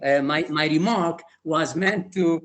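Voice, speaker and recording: An older man giving emotional, halting closing remarks on a video call. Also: fairly high pitch, a bit bright. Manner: halting, many fillers and restarts. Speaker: retired teacher trainer.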